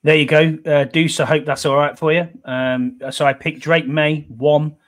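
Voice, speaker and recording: A man's voice: a little high, flat delivery, moderate pace. A man, hosting a casual sports podcast, easygoing and calling everyone "mate" while reading out lists. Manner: easygoing, says "mate" a lot, reads lists steadily. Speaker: podcast host. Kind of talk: casual chat.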